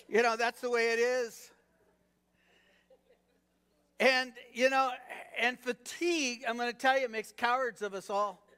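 A man with a notably high voice preaching a sermon. He talks conversationally, tossing rhetorical questions to the congregation and leaning on "you know" between thoughts. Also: pushed and bright, clear, resonant tone. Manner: peppered with "you know" fillers. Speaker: pastor.

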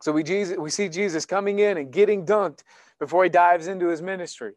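A man preaching a sermon in church, animated and conversational, acting out little exchanges as he goes. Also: high voice, brisk, no room sound. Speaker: pastor. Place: church sanctuary.

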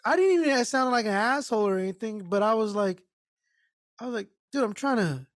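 A podcast co-host with a high voice tells a work story fairly quickly in casual chat, swearing and acting out what people said in an animated way. The recording is studio quality with no echo.

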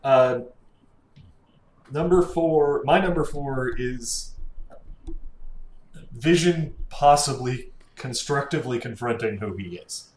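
A man's voice: mid-range voice, slow pace, long pauses. A man co-hosting a podcast, chatting casually and enthusiastically about comics in an easygoing way. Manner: easygoing, relaxed fillers, enthusiastic. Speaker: podcast co-host. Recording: echoey room with faint noise.

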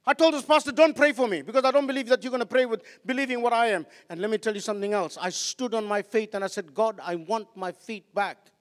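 A man preaching passionately as a pastor, swinging between loud outbursts and quiet asides. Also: sits high, fast. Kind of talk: sermon. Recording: long hall reverb.

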